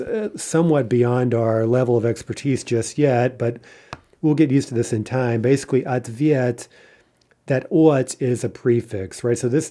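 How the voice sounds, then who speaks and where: Man, language teacher, mellow dark tone, explanatory, thinks out loud, recorded lecture. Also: mid-range voice. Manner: explanatory, thinks aloud, checks in with frequent "right?".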